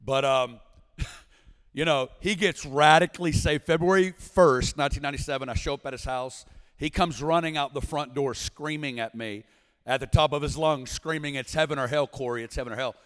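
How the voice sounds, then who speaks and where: A man in his forties from Arkansas, a guest preacher telling his testimony in a lively, storytelling way, breaking into shouts now and then, with long reverb from a big church hall. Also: fairly high pitch, moderate pace, clear, resonant tone. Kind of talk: sermon testimony. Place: large church sanctuary.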